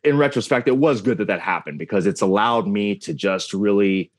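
A man's voice: lowish voice, a little fast. A man in his thirties, a wrestling announcer, telling stories as an interview guest, acting out the voices he quotes. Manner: animated, acts out quoted voices. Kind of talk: casual interview storytelling.

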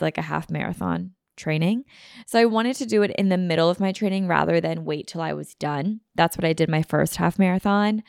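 A woman's voice: medium pitch, no room sound, studio quality. A woman hosting a solo podcast, chatting casually and rambling with lots of "like" fillers. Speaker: podcast host.

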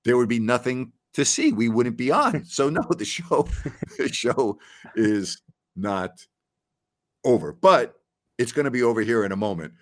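A man's voice: mid-range voice, big pitch swings, a little slow. A man in his sixties hosting a sports talk show in a folksy, exclamatory, rambling way. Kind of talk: casual chat.

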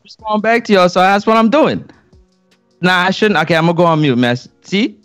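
A man's voice: high voice, expressive, fairly quick, fairly bright tone, faint music behind. A man co-hosting a call-in show, defensive and laughing often during the banter. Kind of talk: casual banter.

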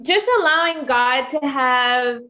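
Woman, guest, high voice, earnest, reflective, um and like fillers. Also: slow pace, sharp tone. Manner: earnest, thoughtful, with frequent "um" and "like". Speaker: podcast guest. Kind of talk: casual reflective chat.

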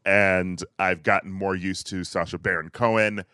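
A man's voice: low voice, steady tone, normal speed, sharp tone, clean tone, dry recording. A man hosting a casual chat, steering the talk with questions and frequent chuckles. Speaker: podcast host.

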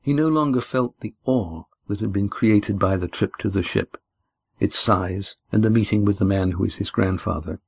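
A man narrates a novel in an even, measured storytelling voice, shifting only lightly for the characters. His voice sits low and carries a husky edge. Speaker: audiobook narrator.

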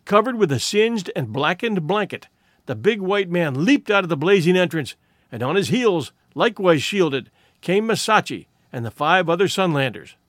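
Man with a lively, dramatic narrating voice. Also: sits high, normal speed, dry recording, clean studio sound. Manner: dramatic, expressive. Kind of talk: scripted audiobook narration.

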